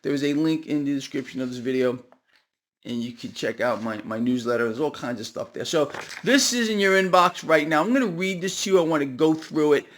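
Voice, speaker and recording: A man hosting a market commentary video, talking straight to his viewers in a casual, animated and sarcastic way. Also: fairly high pitch, fairly quick, a little hiss or hum.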